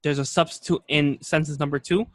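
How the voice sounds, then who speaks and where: A man's voice: on the high side, fairly even intonation, brisk, no echo. A male teacher giving a classroom lecture, patient and explanatory, repeating key points and checking that students follow. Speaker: Arabic teacher.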